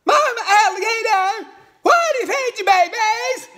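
A man voicing a naive, eager mother frog with a big mouth, squeaky and overly polite. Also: lively intonation, a little slow, sharp tone, heavily acted. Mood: eager, asking.

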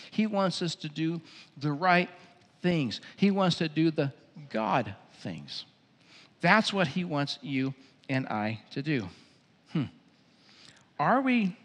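A male pastor preaching in a church venue, emphatic and repetitive, dropping into a quicker, lower storytelling tone at times. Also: a bit bright, big-room sound. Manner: emphatic preaching with repeated phrases, drops low and quick for storytelling. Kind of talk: sermon.

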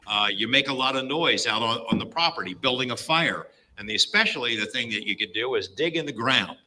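A man's voice: medium pitch, animated, a little fast, noisy background. A middle-aged man casually retelling a story, with many fillers and quoted lines acted out. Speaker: guest storyteller.

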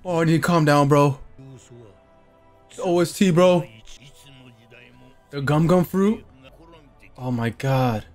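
Guy yelling and cussing at an anime ep, pitch jumping all over, slow drawn-out talk. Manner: excitable, swearing, shouting outbursts. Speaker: anime reaction channel host. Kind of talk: live reaction commentary. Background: faint anime soundtrack playing.

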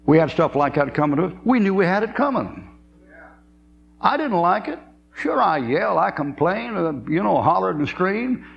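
A man in his 70s with a fairly high, creaky voice preaches folksily, telling stories and laughing often. His asides come out in a drawl. The sound is dull lo-fi tape with a faint hum.

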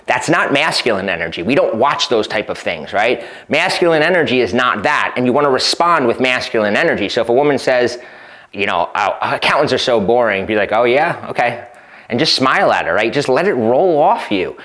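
A man's voice: mid-range voice, lively intonation, fairly quick, a bit bright. A man coaching on dating, speaking conversationally and often checking in with "right?" while he acts out short exchanges. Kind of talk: advice talk to camera.

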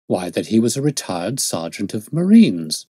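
A man's voice: fairly low pitch, big pitch swings, moderate pace, dark tone, slightly rough, dry recording, clean studio sound. A man voicing an eager, amazed companion. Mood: earnest. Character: eager, earnest male companion, easily amazed.

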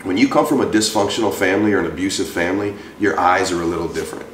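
A man in his forties, a guest in an interview, telling a personal story with lively acted-out voices for the people in it. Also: low-pitched, very fast, far from the mic, a little hiss or hum. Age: 40s. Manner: animated storyteller acting out quoted voices. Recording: roomy, from off-mic.

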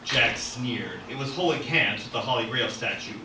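A man reads his own novel aloud at an open-mic night, animated and breaking off for asides. His voice is bright and forceful. It echoes in a roomy art gallery, picked up from a distance, with faint room noise behind. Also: mid-range voice, normal speed. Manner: animated, with asides and self-corrections. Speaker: author reading his novel. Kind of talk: dramatic reading at an open mic.

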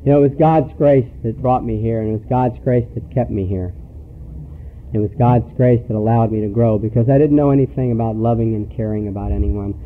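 A man's voice: mid-range voice, brisk. Earnest man telling a story, tinny recording. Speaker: speaker at a recovery meeting. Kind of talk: personal recovery talk.

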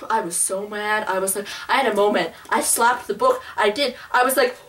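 A woman vlogging a casual book review, gushing and rambling like an excited fangirl. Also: mid-range voice, normal speed, recorded from a distance.

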